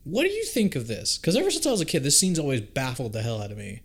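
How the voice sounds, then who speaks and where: A man in casual movie watch-along chat, animated and profane, jumping into quick put-on voices for the characters. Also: mid-range voice, slightly rough.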